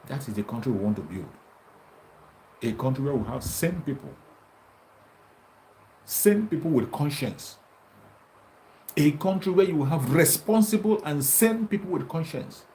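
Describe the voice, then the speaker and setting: A combative man delivers a taunting political monologue, his pitch leaping high and dropping low as he presses his points. His tone is dark and mellow. A faint hiss runs under the recording. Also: animated, unhurried, long pauses, low-quality recording. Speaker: activist commentator.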